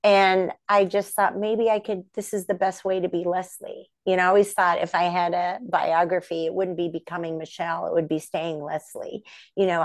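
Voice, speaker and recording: A woman puppeteer and voice actress, a guest on a podcast, telling stories in a lively way and slipping into the voices of the people she quotes. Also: lowish voice, no room sound, clean studio sound. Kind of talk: casual interview storytelling.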